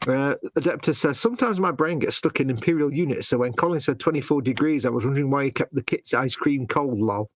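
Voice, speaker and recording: A middle-aged man with a slightly husky voice banters on a live stream, teasing his co-host and joking through the talk. His pitch is average and the sound is close and dry. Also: quick pace, hardly any pauses, dry recording. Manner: teasing, jokey. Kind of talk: casual banter.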